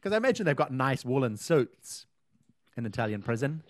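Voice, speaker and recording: A man's voice: mid-range voice, very animated, fairly quick, no room sound. Rambling New man, dry sound. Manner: rambling, many fillers and restarts. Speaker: podcast co-host. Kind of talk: casual chat.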